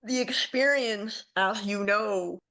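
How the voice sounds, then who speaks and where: A woman's voice: mid-range voice, slow pace, bright, forceful tone. A woman hosting a podcast, who sets up her questions conversationally with a premise before asking. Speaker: podcast host. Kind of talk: interview questions.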